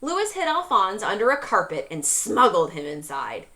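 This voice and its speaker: A woman teacher reading a storybook aloud to a class, pausing to ask questions. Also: medium pitch. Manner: questioning, expressive.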